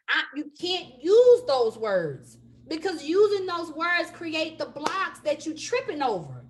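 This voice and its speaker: A high-pitched woman leads a live spiritual astrology class. She talks in an emphatic, preaching way, stacks repeated phrases for emphasis, and keeps asking her listeners "okay?" and "you understand?". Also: sing-song, a little slow. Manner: repetitive, building emphasis. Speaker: astrology teacher.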